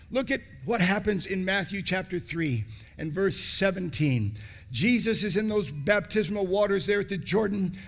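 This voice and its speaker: A high-voiced male preacher with a gravelly rasp, delivering a sermon in a lively, sing-song rise and fall. He repeats phrases for emphasis, swinging from loud raised bursts down to hushed, drawn-out words.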